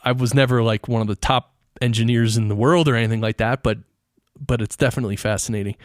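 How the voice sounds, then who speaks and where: A man's voice: mid-range voice, fairly even intonation, fast, dry recording, clean studio sound. A man hosting an interview podcast, talking casually and with enthusiasm, firing off rhetorical questions. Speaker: podcast host.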